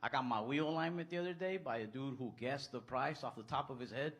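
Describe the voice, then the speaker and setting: A man tells an everyday story as stand-up, speaking in a mid-pitched, low-key, deadpan way. The live recording has steady background noise beneath his voice. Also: fast. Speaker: stand-up comedian.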